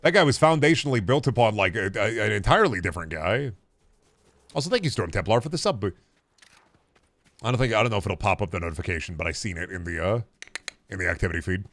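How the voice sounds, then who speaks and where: Laid-back low-voiced man rambling on stream. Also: animated, fast, long pauses, a bit bright, no room sound. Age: 30s. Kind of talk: casual gaming-stream chat.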